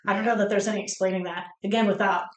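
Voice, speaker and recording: Female guest, measured and explanatory, mid-pitch, echoey old building. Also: steady tone. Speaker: guest paranormal investigator. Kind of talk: casual chat. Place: inside an old hospital building.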